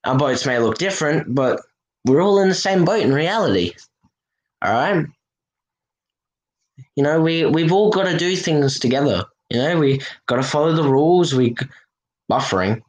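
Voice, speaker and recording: A man's voice: a little high, expressive, moderate pace, pauses often, low-quality recording. A man hosting a casual livestream, talking earnestly and reassuringly to his viewers with lots of "you know" fillers. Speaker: livestream host.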